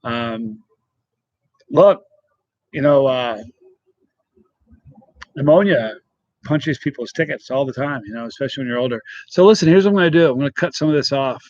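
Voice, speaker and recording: A man's voice: medium pitch, expressive, moderate pace, pauses often, darkish tone, dry recording, muffled recording. A middle-aged man hosting a casual live stream, chatting and rambling as he greets viewers by name. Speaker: channel host reading live chat.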